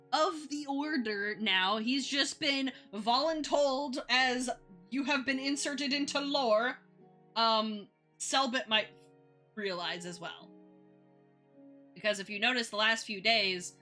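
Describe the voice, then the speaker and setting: A woman with a high, bright voice chats casually while drawing on a live stream. She rambles and giggles between thoughts, and soft music plays behind her. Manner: retells others' lines in quick playful voices.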